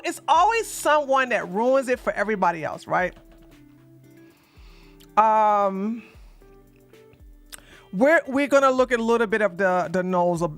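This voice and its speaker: A woman hosts a casual livestream, rambling and flustered while fixing her setup and talking to her chat in a blunt, sassy way with mild cursing. Her voice is mid-range and a bit bright.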